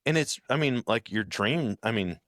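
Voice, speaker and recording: A man's voice: medium pitch, animated, normal speed, fairly bright tone, no echo, studio quality. A man co-hosting a podcast, talking earnestly in casual chat with loose slang. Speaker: podcast co-host.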